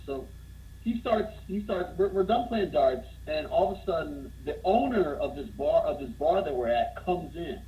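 A man telling a funny bar story in casual conversation, getting more animated as he goes. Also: moderate pace, slight background noise, poor audio. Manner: animated, gets louder and higher as the story builds.

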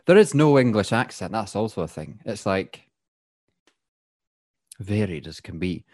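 A man's voice: on the low side, big pitch swings, unhurried, darkish tone, no room sound, clean studio sound. A Scottish man co-hosting a podcast over a video call, chatting casually and joking around. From Scotland. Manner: joking, puts on voices. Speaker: podcast co-host. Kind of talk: casual chat. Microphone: remote video call.

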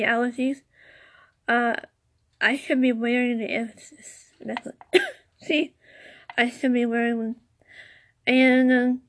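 Lady reading crystal notes real slow, lots of ums and restarts, gets excited in between. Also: a little high. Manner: slow, halting reading with many fillers and restarts; enthusiastic, chatty asides. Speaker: podcast host. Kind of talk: casual solo podcast about crystals.

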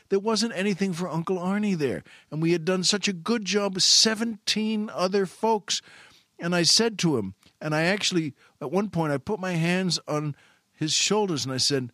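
A man telling a long personal anecdote in a rambling, halting way, repeating himself and correcting mid-sentence. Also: on the high side, fairly bright tone, no echo, studio quality. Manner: repetitive, halting, self-correcting. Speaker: storyteller.

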